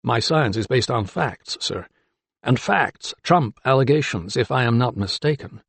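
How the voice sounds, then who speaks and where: A man's voice: mid-range voice, lively intonation, vocal fry, slightly rough, no echo, full character voice. A man voicing a composed young doctor. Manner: measured and restrained. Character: young male doctor, nervous but composed. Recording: dry close studio sound.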